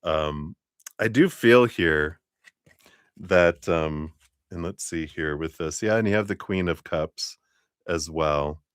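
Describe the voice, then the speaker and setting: A man's voice: low voice, slow pace, clear, resonant tone, no room sound, clean studio sound. A man hosting a live-stream tarot reading, chatty and laughing often as he talks to viewers by name. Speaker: tarot reader.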